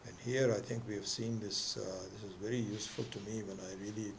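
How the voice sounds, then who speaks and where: A man's voice: lowish voice, fairly even intonation, creaky, slight background noise. A man teaching a scripture class, telling a story with many restarts and acting out its voices. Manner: storytelling, acts out quoted voices; halting restarts. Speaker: spiritual teacher.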